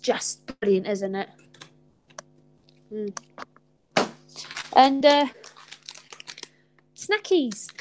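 A woman with a high voice chats her way through a casual live stream from home. She is giggly and chatty and pokes fun at herself as she goes. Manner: chatty, giggly, self-mocking. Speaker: host.

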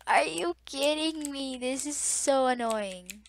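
A young woman giving casual gameplay commentary to viewers, chatty and easily startled, recorded at a desktop mic beside a loud keyboard. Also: high voice, slow pace, a little hiss or hum. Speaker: gamer. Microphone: desktop mic near loud keyboard.

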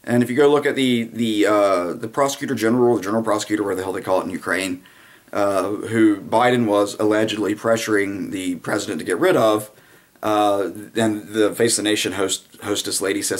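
A man's voice: lowish voice, fairly even intonation, a little fast. A man giving a casual, sarcastic political commentary monologue, rambling with frequent fillers.

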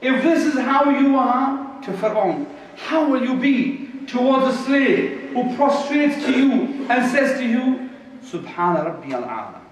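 A man giving a Friday sermon as preacher, impassioned, slowing words for emphasis and reciting verses quickly. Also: very high-pitched, big pitch swings, slight background noise. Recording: echoey hall from far off.

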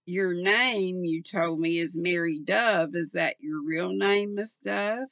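An older woman voicing a male police inspector who questions quietly and pleasantly, read slowly with a gravelly tone. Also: fairly low pitch, no room sound, heavily acted. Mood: probing.

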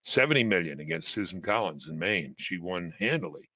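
A man on a political panel speaking deliberately and hedging with frequent ums. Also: low voice, expressive, bright, forceful tone, dry recording. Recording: dry, muffled lo-fi audio.

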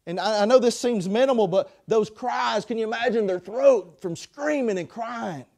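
A man preaching a sermon in a chapel, passionate, swinging between loud pleas and hushed passages. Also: high-pitched, normal speed.

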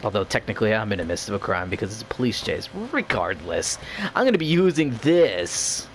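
A man's voice: on the low side, expressive, brisk, a little hiss or hum. A young man hosting a gaming channel, giving playful, self-mocking commentary over his gameplay. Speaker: gaming YouTuber.

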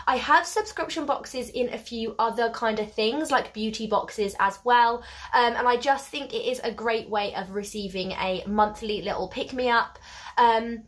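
A young woman hosts a cheerful craft unboxing vlog, pitched a touch higher than most. Her voice is a little blocked up and hoarse from a cold. She gushes over everything and keeps apologising for the sound of her voice. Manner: warm, effusive, apologetic asides. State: stuffy and slightly hoarse from a cold. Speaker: craft vlogger.

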